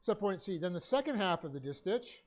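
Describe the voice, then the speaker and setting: A man with a somewhat high voice leads a Bible study class, dictating his notes in a halting way that is full of fillers and restarts. The audio is a dull, lo-fi stream recording. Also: very animated. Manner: halting, frequent uh fillers and self-corrections.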